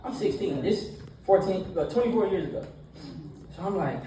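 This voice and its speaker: A man in his thirties preaching a casual, animated storytelling sermon that is full of laughs, with a nervous edge. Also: sits high, moderate pace, slight background noise. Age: 30s. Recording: echoey room from a distance.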